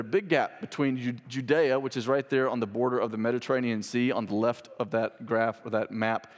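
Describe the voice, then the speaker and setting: A man's voice: medium pitch, in a large hall. A young adult man, a pastor, preaching a sermon in a conversational, emphatic way, full of rhetorical questions.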